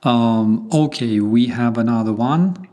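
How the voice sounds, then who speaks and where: A man hosting a relaxed chat in English. His voice sits at an ordinary middle pitch and he speaks very slowly. He leans on fillers as he reads out viewers' messages. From Ukraine. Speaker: host. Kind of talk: casual chat.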